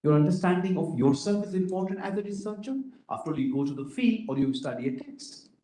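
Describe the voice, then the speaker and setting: A man's voice: high voice, expressive, quick pace, warm tone, a little hiss or hum. A man giving a workshop lecture to students, often asking them questions and tagging his points with "right?". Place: lecture room. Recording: roomy echoey lecture room.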